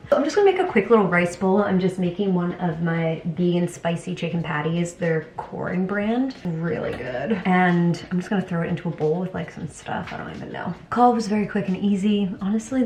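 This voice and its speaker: A young woman talking casually to camera in a home vlog, chatty and laughing often, her voice sometimes dropping to a soft murmur. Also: lowish voice, lively intonation, a little fast, few pauses, a little hiss or hum. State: teary from crying. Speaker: vlogger. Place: home, indoors.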